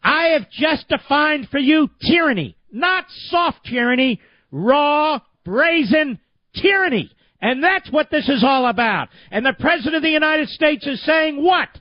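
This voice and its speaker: A man's voice: very high voice, expressive, unhurried, dry recording, lo-fi sound. A man hosting a talk radio show, delivering an indignant, emphatic political monologue full of repetition.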